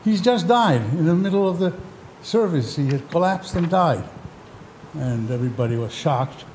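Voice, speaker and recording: Man, panel speaker, halting delivery, long hall reverb, faint background noise. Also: fairly high pitch, expressive, darkish tone. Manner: hesitant, many ums, raising voice when the mic fails. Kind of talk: informal lecture with a joke.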